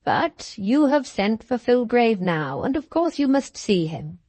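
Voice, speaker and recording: A principled country doctor answers in calm, stern, measured tones, as a woman reads him. The pace is slow and the sound is close and dry. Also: a little high, no room sound. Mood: firm.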